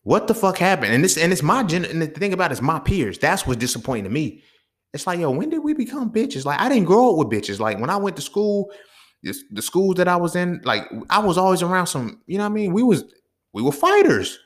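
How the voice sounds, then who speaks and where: A man's voice: sits high, very animated, a little fast, a bit bright. A man hosting a podcast, ranting heatedly in a casual monologue full of profanity and street slang. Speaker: podcast host.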